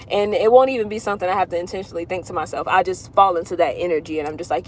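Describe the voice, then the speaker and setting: A woman's voice: lowish voice, very fast, few pauses, a little hiss or hum. A woman astrologer chatting casually on a livestream, answering viewer questions in a loose, rambling way that drifts in circles. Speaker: astrologer doing readings.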